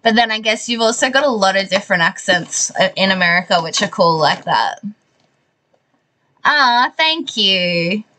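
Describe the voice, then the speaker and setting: A woman's voice: mid-range voice, moderate pace. A young woman with a mild Australian accent, chatting casually with live viewers while she builds a model and reads out piece counts. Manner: chatty, relaxed, frequent likes and laughs. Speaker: livestreamer.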